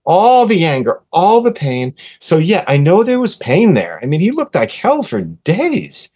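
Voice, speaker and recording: A man in his sixties, a podcast guest, telling a personal story earnestly and with animation, softening to a hush when quoting gentle words. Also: fairly high pitch, wildly swooping pitch, a little slow, husky. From USA. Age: 60s. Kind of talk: casual storytelling in an interview.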